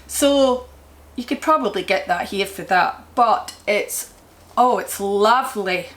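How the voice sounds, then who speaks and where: A woman's voice: medium pitch, slow pace, fairly bright tone. A woman with a Scottish accent chatting casually at home about yarn she bought, rambling and enthusiastic as she goes. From Scotland. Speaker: crochet vlogger. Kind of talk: casual yarn haul chat. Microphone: camera mic.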